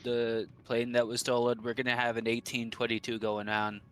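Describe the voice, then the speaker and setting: A man's voice: medium pitch, completely flat delivery, moderate pace, a bit bright, faint music behind. A man playing a tabletop game with friends, goofing around with crude jokes and mock outrage. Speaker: player.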